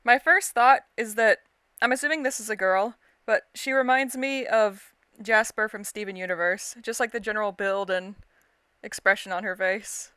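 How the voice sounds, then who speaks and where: A woman's voice: medium pitch, moderate pace, sharp tone, clear, resonant tone, no echo, studio quality. Chatty, giggly woman reading a game. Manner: chatty, giggly and self-deprecating. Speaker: let's-play host. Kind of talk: casual game commentary and reading.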